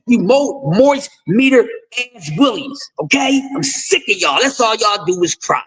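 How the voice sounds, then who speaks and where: Male stream host, very high-pitched, profane lecturing rant. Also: sing-song, unhurried, hardly any pauses, fairly bright tone, husky, poor audio. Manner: profane, confrontational, lecturing with repeated refrains. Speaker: host of a boxing talk stream. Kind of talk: ranting commentary.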